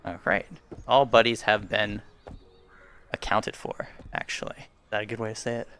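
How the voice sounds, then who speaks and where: A man's voice: lowish voice, level tone, normal speed, a bit bright, clear, resonant tone. A man casually commenting on his VR shooter gameplay, rambling and self-deprecating, chuckling as he goes, on a headset mic at home. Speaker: gaming YouTuber. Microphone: headset boom mic.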